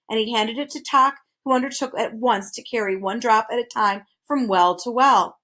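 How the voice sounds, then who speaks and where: A woman reading a children's storybook aloud in an expressive way. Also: on the high side, moderate pace, hardly any pauses. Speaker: reader.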